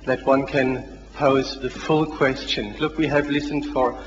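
A man's voice: mid-range voice, steady tone, a little slow. A man in the audience at a lecture, politely but persistently asking to put his full question. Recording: dull old hall recording with reverb and hiss.

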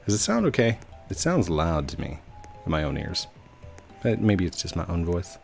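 A man's voice: low-pitched, sing-song, moderate pace, gravelly, long pauses, soft background music. A man giving casual gameplay commentary, rambling with many fillers and restarts. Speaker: gaming video host.

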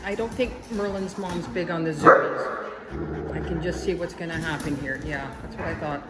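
A woman's voice: sits low, moderate pace, heavy background noise. Woman chatting to her dogs. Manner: chatty, talks affectionately to the dogs. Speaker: dog owner filming her dogs. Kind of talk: casual commentary while filming. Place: indoors in a house. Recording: echoey room with loud dogs. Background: dogs running and playing.

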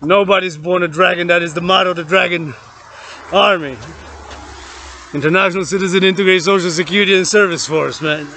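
Brief: gravelly, slightly high-voiced man, rambling slow outdoor rant, faint traffic behind. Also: fairly even intonation, sharp tone. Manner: rambling, laughing between lines, repeats words. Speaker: vlogger.

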